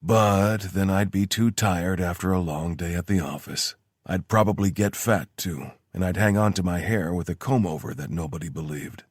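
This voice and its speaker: A man's voice: low voice, normal speed, husky, no echo. An actor voicing a wry soldier who banters with his lover in an audiobook. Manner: dry, joking banter.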